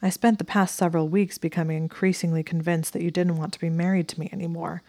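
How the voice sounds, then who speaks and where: A woman voices a smug but devoted young male wizard, delivering his lines dryly and earnestly in her own low, mellow voice. She speaks fast with a steady tone, and the recording is dry.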